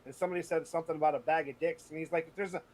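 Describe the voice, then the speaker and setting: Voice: mid-range voice, steady tone, very fast, darkish tone. A co-host in casual chat, joking crudely and laughing often. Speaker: podcast co-host.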